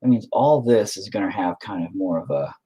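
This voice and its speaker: A man with a low, husky voice talks to himself while painting, swearing nearly every line. His pitch swings widely, dropping into whispers and mutters and then jumping up in loud, frustrated flare-ups. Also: expressive, brisk. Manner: swears constantly, mutters to himself, self-critical. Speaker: painting streamer. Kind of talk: casual talk while painting.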